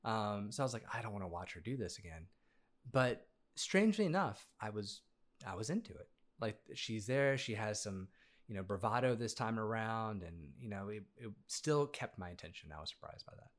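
A man co-hosting a casual movie review chat, playful and animated. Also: fairly low pitch, moderate pace. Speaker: podcast co-host.

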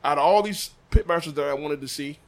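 A man from Des Moines telling a story casually, acting out quotes with big jumps in his voice. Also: fast talker. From Des Moines, Iowa. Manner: animated, acts out quotes with big pitch jumps. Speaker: barbecue sauce maker, podcast guest.

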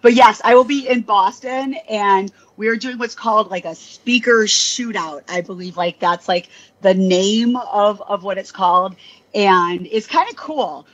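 A woman's voice: mid-range voice, unhurried, lo-fi sound. A woman talking as a guest in a casual interview, rambling with lots of fillers and poking fun at herself. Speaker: guest, DJ and audio industry worker.

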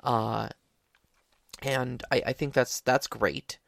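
An eager co-host chatting about tabletop games, often repeating words as the thoughts come. The voice has a middle pitch and a close, dry sound with no room echo. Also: fairly even intonation, slow, gravelly, a bit bright. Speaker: tabletop game podcast co-host. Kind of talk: casual chat.

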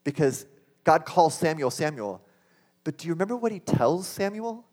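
A man's voice: fairly high pitch, big pitch swings, normal speed, a little mellow. A man preaching a sermon, earnest and building to impassioned exclamations. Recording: long hall reverb.

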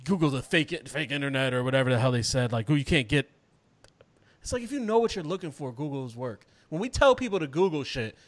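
A man co-hosting a podcast in casual chat, laid-back and swearing, dropping lower when he is dismissive. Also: animated, fast talker. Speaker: podcast co-host.

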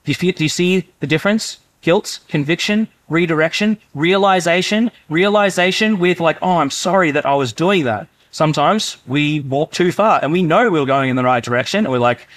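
A man preaching in a relaxed, conversational way, now and then slipping into the voices of inner thoughts. His voice sits a little high for a man. The sound is dry and close. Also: moderate pace, few pauses, no echo. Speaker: pastor. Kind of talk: sermon.

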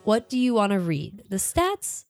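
A woman's voice: medium pitch, big pitch swings, unhurried, a little mellow, soft background music. A woman co-hosting a podcast in casual chat, giggling often and fighting a cold. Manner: giggly, laughs often between lines. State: has a cold. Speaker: podcast co-host. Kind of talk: casual chat about audiobooks.

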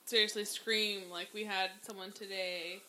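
A woman chats casually on a podcast. Her voice is bright and sharp, and her talk is lively and loose, with frequent laughter and casual swearing. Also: medium pitch, moderate pace, slight background noise, poor audio. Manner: animated, laughing, swears freely. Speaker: podcast co-host. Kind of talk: casual chat.

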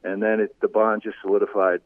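Man, former radio broadcaster, animated storytelling, tinny phone-line sound, dry. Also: on the low side, fast, dry recording. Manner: animated anecdotes, voice rising when telling funny moments. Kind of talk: storytelling in a casual interview.

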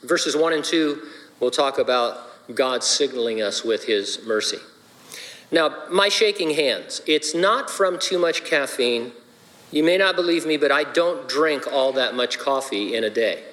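A man's voice: mid-range voice, expressive, measured pace, a bit bright. Male pastor preaching in a reverberant hall. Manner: jokey, playful asides. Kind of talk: sermon. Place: church sanctuary.

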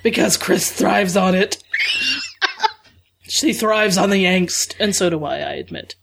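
Over a noisy background, a woman with a mid-range voice and vocal fry talks a little slowly as a podcast co-host. Her casual chat is an enthusiastic, animated retelling in which she acts out her own reactions.

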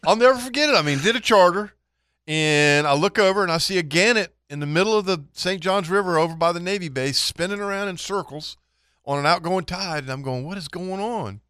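Bright-voiced fishing captain telling stories. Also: male voice, sits high, fairly quick, no echo, clean studio sound. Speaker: charter fishing captain and co-host. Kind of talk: casual storytelling on a talk show.

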